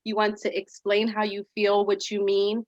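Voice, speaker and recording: A woman's voice: medium pitch, normal speed, no echo, highs cut off. Upbeat woman teaching a virtual lesson. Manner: upbeat, animated, reads passages aloud. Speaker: after-school program teacher.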